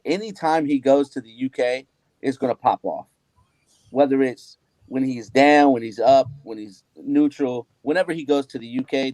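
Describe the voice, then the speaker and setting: A man's voice: medium pitch, a little mellow, no room sound, poor audio. A man co-hosting a casual wrestling talk show, making emphatic points and teasing his friends. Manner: emphatic, joking, repeats points. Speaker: podcast co-host. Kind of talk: casual chat.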